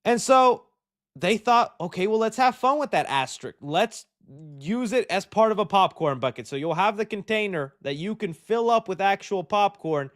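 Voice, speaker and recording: Casting: young male show host, high voice, jokey, rambling chatter. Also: lively intonation, moderate pace. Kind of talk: casual chat.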